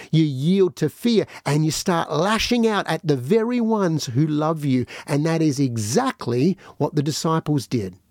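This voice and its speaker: Lively high-voiced male preacher. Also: dry recording, studio quality. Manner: animated, acts out quoted voices. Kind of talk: podcast sermon.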